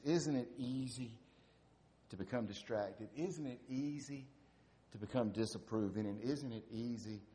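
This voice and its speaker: A man's voice: fairly low pitch, dark tone. Man, preacher, sermon, rhetorical questions, emphatic build-ups.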